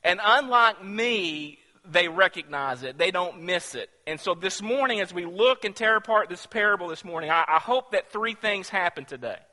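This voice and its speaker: A man preaching in a sermon, drifting from chatty storytelling into loud, animated bursts. His voice is slightly high for a man and very bright. It rings out with a long reverb, as if from a church hall. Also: fairly quick, hardly any pauses. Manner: storytelling, grows loud and animated when excited. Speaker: pastor.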